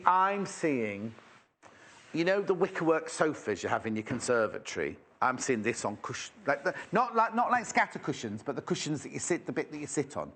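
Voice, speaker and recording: A man's voice: mid-range voice, fairly bright tone, slightly rough. A man presenting fabrics live on a shopping channel, chatty and rambling as he exclaims over each one. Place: TV shopping studio.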